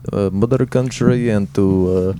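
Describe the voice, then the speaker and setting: A man's voice: medium pitch, moderate pace, mellow, a little hiss or hum, close to an everyday voice. A young man playing a Russian immigrant husband in a mock Russian accent, speaking in hesitant broken English as a podcast co-host. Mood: halting. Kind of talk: improvised comedy bit.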